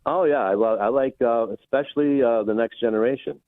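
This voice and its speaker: A man calling a radio show, talking hesitantly with many pauses. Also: mid-range voice. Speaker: caller. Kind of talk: phoned-in radio call. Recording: tinny phone line.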